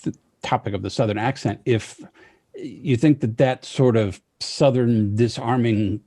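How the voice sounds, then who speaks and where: A man hosting an interview, asking measured questions with frequent pauses and fillers. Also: mid-range voice, gravelly, warm tone, slightly rough, no echo, studio quality. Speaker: interviewer, host.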